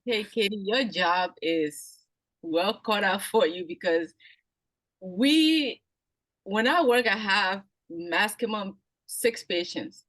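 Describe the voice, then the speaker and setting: A woman's voice: mid-range voice, lively intonation, slow pace, a bit bright, dry recording, low-quality recording. A woman hosting a podcast, responding in an encouraging way and laughing along with her guest. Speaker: podcast host. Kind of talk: podcast conversation.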